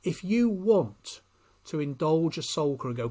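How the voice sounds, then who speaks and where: A man's voice: fairly high pitch, lively intonation, moderate pace, warm tone. A man giving a spoken training lecture on workplace conversations, talking directly and acting out short example dialogues.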